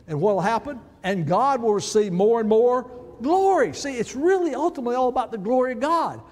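Guy preaching in church, high voice bouncing all over, big echoey hall. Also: lively intonation, a little fast, darkish tone. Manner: emphatic preaching with congregation read-alongs. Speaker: pastor. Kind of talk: sermon. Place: church sanctuary.

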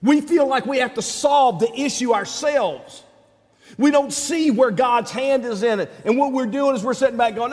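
A middle-aged pastor with a notably high voice delivers a folksy, animated sermon. His voice rings out with a long hall reverb, and his speech sometimes climbs into shouts. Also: moderate pace.

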